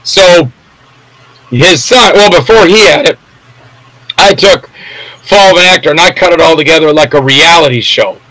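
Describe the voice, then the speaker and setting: An older man spins a long, rambling showbiz anecdote in a casual interview and acts out the voices of the people in it. His voice is bright and a little high, recorded dry and close. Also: normal speed, long pauses, dry recording, rough recording. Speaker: actor and interview guest.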